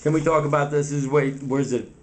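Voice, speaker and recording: A man's voice: a little high, fairly even intonation, a little fast, echoey room, a little hiss or hum. Laid-back slangy man hosting a puppet skit. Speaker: home cook and puppet show host.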